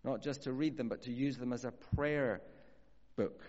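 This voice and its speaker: A man preaching a sermon earnestly, slowing down to stress key phrases. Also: medium pitch, a little mellow. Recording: dull audio with long hall reverb.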